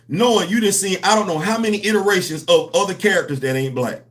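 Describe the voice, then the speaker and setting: A man with hosting a comics livestream, talking to his chat in an animated, preachy, slangy way. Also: high voice, fairly quick, few pauses. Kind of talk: casual livestream commentary.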